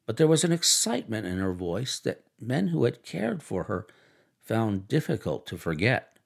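A man narrates a classic novel in a measured, expressive audiobook reading. His pitch rises and falls in a lively way, and his voice has a gravelly edge.

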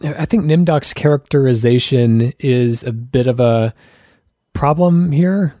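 Mellow-voiced man in dry podcast chat. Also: mid-range voice, a little slow, no echo. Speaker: podcast co-host. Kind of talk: casual chat.

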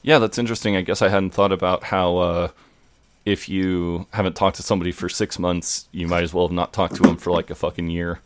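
A man's voice: sits low, little pitch movement, brisk, slight background noise. A man co-hosting a podcast, casually recapping a TV episode scene by scene and swearing freely. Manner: loose and profane, retelling scenes line by line. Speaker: podcast co-host.

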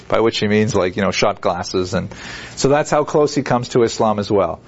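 A man's voice: lowish voice, normal speed, creaky, highs cut off. A man giving a university lecture in a loose, conversational way, with many fillers and restarts and wry, acted-out asides. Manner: acts out quoted figures with wry humor.

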